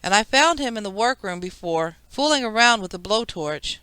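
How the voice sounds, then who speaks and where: A woman's voice: mid-range voice, expressive, normal speed, bright, forceful tone, clear, resonant tone, dry recording. A woman reading an audiobook, voicing a harried mother who snaps at her son. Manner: snappish. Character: harried, sharp-tongued mother.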